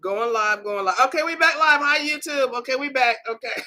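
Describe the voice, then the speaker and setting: A woman's voice: high-pitched, animated, moderate pace, pushed and bright. A middle-aged woman hosting a live-streamed faith podcast, talking casually and exhorting her listeners, often tagging her lines with "okay?" and "y'all.".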